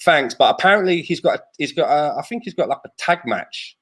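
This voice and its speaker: A man's voice: a little high, lively intonation, fairly quick, fairly bright tone. A man on a football fan podcast, joking around and swearing freely. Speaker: podcast panelist. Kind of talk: casual banter.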